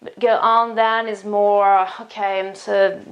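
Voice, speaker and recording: Woman with an Italian accent, English teacher, explanatory and self-correcting, slightly gravelly voice. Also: mid-range voice, level tone, slow, muffled recording. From Italy. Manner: explanatory, repeats words and restarts often. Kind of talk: online English lesson.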